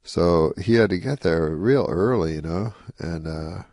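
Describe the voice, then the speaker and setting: A man's voice: sits low, unhurried, a little mellow, no echo. A man telling a rambling anecdote in an interview, dry and full of "you know.". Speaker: guest comedian.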